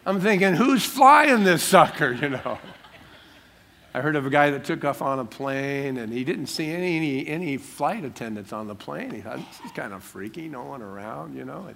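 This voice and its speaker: A man's voice: mid-range voice, lively intonation, moderate pace, gravelly, fairly bright tone. A man preaching a sermon in church, talking in a humorous, conversational way with everyday stories. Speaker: pastor.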